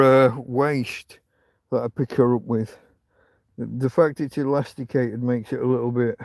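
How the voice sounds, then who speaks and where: In a dry recording, a man with a voice on the high side talks to his dog, fed up and swearing. It's a casual night-time livestream he's hosting from a tent out in a field.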